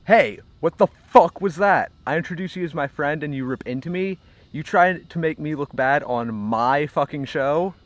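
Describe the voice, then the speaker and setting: A man's voice: a little high, moderate pace, lightly acted. A man playing a furious comedy show host. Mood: angry. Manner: blunt, swearing, curt dismissal. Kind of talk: reenacted argument.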